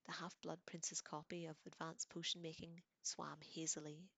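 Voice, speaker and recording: A woman reading a novel aloud dramatically, dropping into hushed whispers for tense passages. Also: deep voice, little pitch movement, normal speed, dry recording. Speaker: reader.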